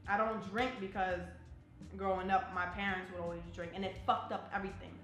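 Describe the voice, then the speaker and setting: A woman's voice: mid-range voice, steady tone, fairly quick, a bit bright, lo-fi sound. Blunt, profane young woman. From New Jersey. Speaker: interviewee, army soldier. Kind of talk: casual personal storytelling. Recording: roomy echo, faint music.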